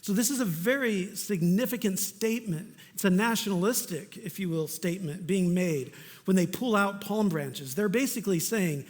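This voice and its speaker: Preaching with animation at a normal speed, a male pastor keeps an earnest, conversational tone and tosses in offhand asides. His fairly high voice echoes with a church hall's long reverb throughout the sermon.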